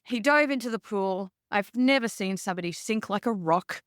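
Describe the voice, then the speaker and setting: A woman with an Australian accent, a leadership expert guest telling stories in a relaxed interview and acting out quotes as she goes. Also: medium pitch, moderate pace, clean tone, dry recording, clean studio sound. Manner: lively, acts out quotes in her stories. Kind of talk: conversational interview storytelling.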